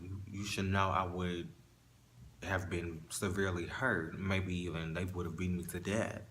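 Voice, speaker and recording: A man telling a painful personal story in a casual monologue, halting and restarting as he holds back tears. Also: deep voice, bright, forceful tone, a little hiss or hum.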